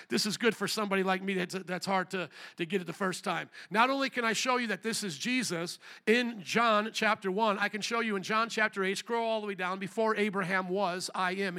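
A male pastor preaching a church sermon. He calls out to the congregation for responses and slows down to read scripture aloud. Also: bright, forceful tone. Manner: reads scripture aloud, slowing and rising in pitch for quoted lines. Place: church service.

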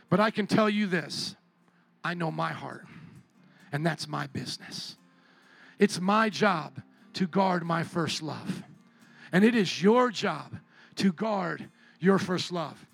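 A man preaching a sermon to his church as pastor, impassioned, rising to shouts and dropping low. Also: gravelly, no room sound. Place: church sanctuary.

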